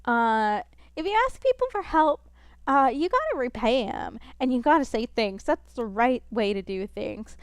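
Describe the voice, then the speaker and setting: A woman voicing a polite, earnest little child while reading game dialogue aloud, with a hesitant, halting delivery. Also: fairly high pitch, big pitch swings, smooth, dry recording, studio quality.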